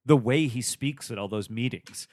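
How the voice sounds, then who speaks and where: A man's voice: mid-range voice, normal speed, a little mellow, dry recording, clean studio sound. A man hosting a casual film discussion, rambling and restarting his sentences with many fillers.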